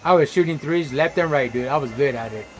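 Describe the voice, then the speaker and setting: A man streaming a game, telling stories in a casual, animated way, full of slang and swearing. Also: mid-range voice, brisk, soft background music. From Los Angeles area. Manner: animated, slangy, swears freely, laughs loudly. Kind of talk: casual storytelling chat while gaming.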